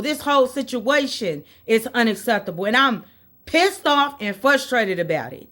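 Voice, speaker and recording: A woman's voice: fairly high pitch, big pitch swings, moderate pace, a bit bright. A woman from Indiana, USA, venting on her vlog in an exasperated rant, repeating her points over and over. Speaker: vlogger. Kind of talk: casual opinion vlog.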